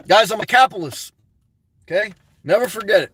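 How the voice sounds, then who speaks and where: A man's voice: high-pitched, animated, brisk, long pauses, fairly bright tone, slightly rough. A man live-streaming from inside a parked car, rambling through viewer comments, joking and laughing often, with lots of "man" and "guys".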